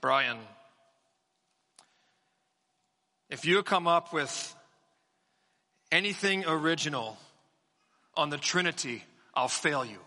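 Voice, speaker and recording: A man putting on an older male Welsh professor with a stern, deadpan delivery and bright, cutting tone. His voice rings through a long-reverb church hall. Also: mid-range voice, slow, pauses often, heavily acted.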